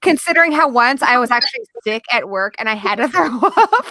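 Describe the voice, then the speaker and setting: A woman's voice: on the high side, brisk, no room sound. A woman with an American accent, co-hosting a casual chat and telling stories with lots of swearing. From England. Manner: animated storyteller, swears freely. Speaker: podcast co-host.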